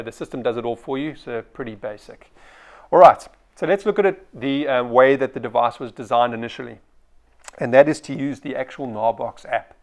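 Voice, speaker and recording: Casual man reviewing photo gear. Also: medium pitch. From South Africa. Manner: conversational, frequent ums and restarts. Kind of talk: casual product review talk.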